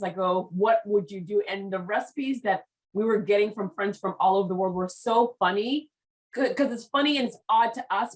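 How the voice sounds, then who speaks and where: A woman's voice: mid-range voice, poor audio. A Haitian American woman with an American accent, hosting an interview in an eager, gushing way, full of "like" and "I mean". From United States, Haitian American. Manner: enthusiastic, gushing, says "like" and "I mean" often. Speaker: podcast host. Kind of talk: casual interview chat.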